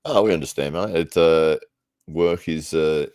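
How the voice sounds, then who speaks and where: A man with a very deep voice hosts a podcast in relaxed, chatty talk. His voice is close and dry, with no room sound. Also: measured pace, no room sound. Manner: relaxed, chatty, laughs easily. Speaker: podcast host. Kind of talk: casual chat.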